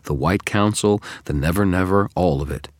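A man voicing a calm, knowing male double of the hero, probing and wry, in an audiobook. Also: sits low, normal speed, no echo, clean studio sound, voice pushed up, close to an everyday voice. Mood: coaxing. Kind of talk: audiobook character reading.

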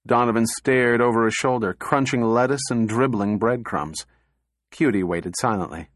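Male audiobook narrator, steady and even, mid pitch, dry close recording. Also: normal speed, no echo.

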